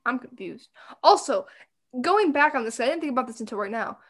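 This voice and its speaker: A woman with a high voice co-hosts a casual podcast recap. She talks bluntly, with sarcasm and plenty of swearing, mocking the characters as she goes. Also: animated, fairly quick. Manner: blunt, profane, sarcastic retelling. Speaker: podcast co-host.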